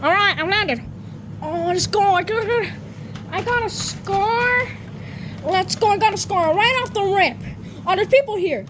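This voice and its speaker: A woman in a puppet comedy skit, shouting frantic, shrieky exclamations, with noise in the recording. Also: extremely high pitch, unhurried. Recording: noisy background hiss.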